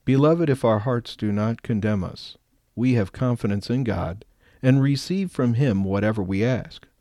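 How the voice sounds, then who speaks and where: A man leading a scriptural rosary, reading short scripture passages and reciting prayers in a steady, measured way. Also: lowish voice, no echo, studio quality. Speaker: prayer leader.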